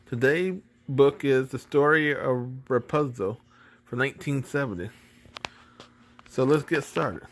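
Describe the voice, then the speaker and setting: A man as host, giving a quick, offhand introduction to a story episode. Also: mid-range voice, a little hiss or hum. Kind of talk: casual intro.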